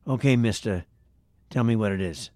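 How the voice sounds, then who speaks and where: A man playing an earnest, dim police officer, deadpan and dutiful in a comedy sketch. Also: fairly low pitch, moderate pace, natural voice. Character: earnest dim male cop, Officer Marinara.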